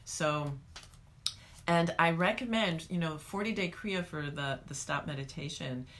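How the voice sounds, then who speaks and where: A woman teaching a guided meditation, calm and coaching, speaking straight to the viewer. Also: deep voice, unhurried.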